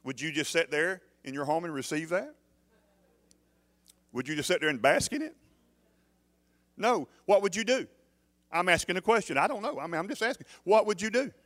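A man's voice: high-pitched, expressive, normal speed, pauses often, a bit bright. A man preaching a sermon as pastor, emphatic, often putting questions to the congregation.

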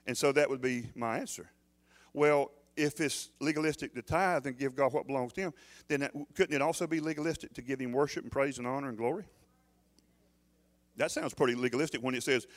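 A man's voice: on the high side, fairly quick. A man preaching a sermon as pastor, emphatic, often putting questions to the congregation.

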